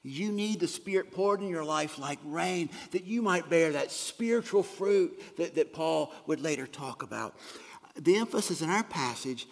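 A man's voice: a little high, lively intonation, normal speed, vocal fry. Earnest male pastor preaching in a reverberant hall. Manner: earnest, repeats words, swings from loud emphasis to quiet drops. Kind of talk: sermon.

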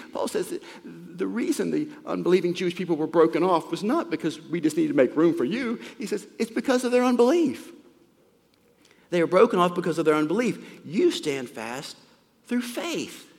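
A man preaching a sermon, emphatic and animated, with sudden rises and soft drops in his voice. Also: on the high side, creaky. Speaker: pastor. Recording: long reverb of a large hall.

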